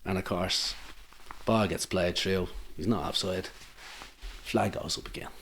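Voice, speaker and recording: Irish male guest, middle-aged, low voice, rambling anecdotal delivery, casual podcast chat. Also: fairly even intonation, a little slow, a bit bright, slight background noise. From Ireland. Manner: rambling anecdotal storytelling with many restarts. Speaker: guest, amateur football manager.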